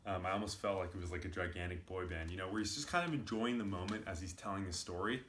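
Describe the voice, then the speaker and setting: Man, casual commentary, low voice, roomy echo, faint hiss. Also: quick pace, fairly bright tone. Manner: loose, filler-heavy explaining. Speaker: video commentator.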